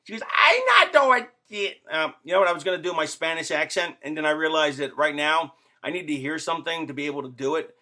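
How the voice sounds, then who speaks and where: A man's voice: a little high, little pitch movement, quick pace, hardly any pauses, pushed and bright. A middle-aged man rambling jokily to his fans in a casual vlog to camera, full of fillers and asides. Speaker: wrestler vlogging to fans. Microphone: camera facing the speaker.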